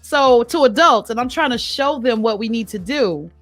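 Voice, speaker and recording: A woman's voice: on the high side, normal speed, no room sound, faint music behind. Chatty woman podcast host. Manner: lively, talkative, laughs often. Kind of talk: casual interview chat.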